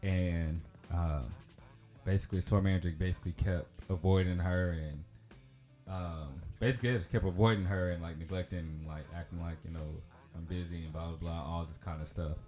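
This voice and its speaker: A man's voice: sits low, fairly even intonation, moderate pace, a little mellow, soft background music. A man, telling a personal story in a casual, rambling way with many fillers and laughs. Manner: rambling, chatty, laughs often, lots of fillers. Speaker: podcast host.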